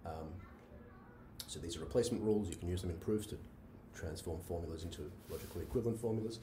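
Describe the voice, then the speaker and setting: Low-voiced male lecturer in an echoey room. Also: fast talker, background noise. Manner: talks through examples with frequent "right?" checks and fillers. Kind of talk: university lecture. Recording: roomy echo, voice from a distance, faint ambience.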